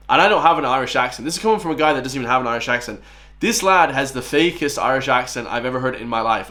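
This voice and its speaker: A man's voice: mid-range voice, bright, forceful tone. Scornful twenty-something man ranting. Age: 20s. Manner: combative, scornful, addresses viewers as lads and guys. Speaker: reaction commentator. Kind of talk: ranting reaction commentary.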